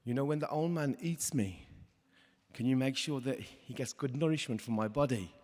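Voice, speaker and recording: A man voicing a kind, selfless male rabbit who speaks high and excited. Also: moderate pace, natural voice. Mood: earnest. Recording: reverberant hall.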